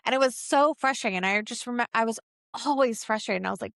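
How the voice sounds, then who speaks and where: Woman podcast co-host, mid-pitched, chatty and animated, dry close recording. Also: fast, vocal fry, no echo. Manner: animated storyteller. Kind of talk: casual podcast chat.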